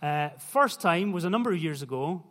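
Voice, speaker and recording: A man's voice: on the high side, lively intonation, normal speed, fairly bright tone. A young man preaching a sermon in a conversational way, putting questions to the listeners. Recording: long hall reverb.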